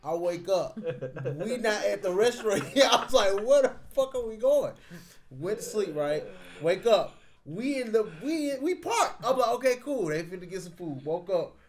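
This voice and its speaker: Guest, male, lively slangy storyteller, voice on the higher side. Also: measured pace. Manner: animated, exaggerated retelling with slang. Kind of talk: casual storytelling chat.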